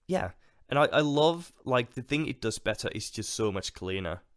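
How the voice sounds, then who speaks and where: A man's voice: medium pitch, expressive, normal speed, no echo, studio quality. A man co-hosting a podcast in a casual film discussion. He speaks hesitantly, with many fillers and restarts. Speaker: podcast co-host.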